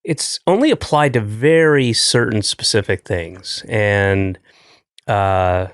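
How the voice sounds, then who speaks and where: A middle-aged man hosting a podcast in casual chat, teasing his guest with a dry, deadpan manner. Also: on the low side, slow pace, clear, resonant tone, dry recording. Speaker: podcast host.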